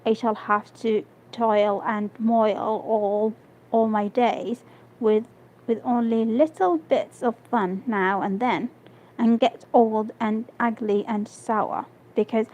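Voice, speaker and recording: A woman's voice: a little high, steady tone, takes it slowly, darkish tone. A woman reading the part of a discontented young woman who longs for luxury, hesitant and restarting words. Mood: complaining. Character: young woman sighing over her poverty. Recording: dull lo-fi stream audio.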